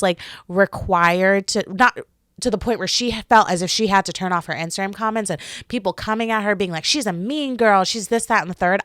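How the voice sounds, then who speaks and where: A woman's voice: mid-range voice, no room sound. Chatty woman podcaster, dry close sound. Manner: chatty, animated, many fillers. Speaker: podcast host. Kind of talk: casual solo podcast chat.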